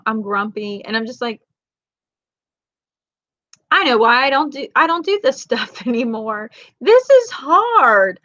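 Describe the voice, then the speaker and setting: A woman's voice: fairly high pitch, dry recording, lo-fi sound. A woman, chatting casually on a livestream, telling rambling stories and reading viewer comments. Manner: chatty, rambling, animated storytelling with Southern colloquialisms. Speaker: livestream vlogger and mom.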